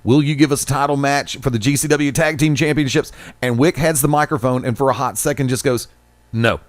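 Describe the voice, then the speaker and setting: A man's voice: mid-range voice, fast, dry recording. A man co-hosting a wrestling radio show and running its sound, telling stories with laughs and acted-out quotes. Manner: laughing storyteller, acts out quotes. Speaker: co-host and sound engineer. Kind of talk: animated radio banter.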